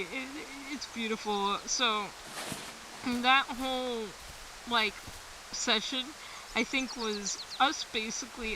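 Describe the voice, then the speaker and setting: A woman's voice: fairly high pitch, far from the mic, background noise. A woman streamer telling a rambling story in casual talk, often laughing and swearing.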